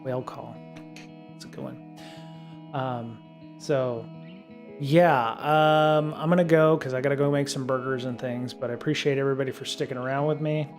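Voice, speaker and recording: A middle-aged man hosting a live stream. He reads from a programming book at a steady pace, then drifts into loose chat full of ums and restarts. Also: medium pitch, moderate pace. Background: faint guitar music.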